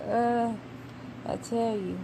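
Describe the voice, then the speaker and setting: Chatty Southern woman with a gravelly edge. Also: a little high, steady tone. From Knoxville, Tennessee, USA. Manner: chatty, emphatic, with fillers and pauses. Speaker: vlogger. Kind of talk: casual chat. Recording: home recording with clear background noise.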